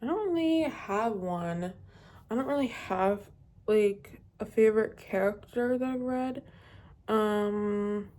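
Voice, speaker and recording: A woman's voice: mid-range voice, slow pace, darkish tone. A young woman chatting casually as a book vlogger, rambling and hesitant with many fillers. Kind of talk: casual chat.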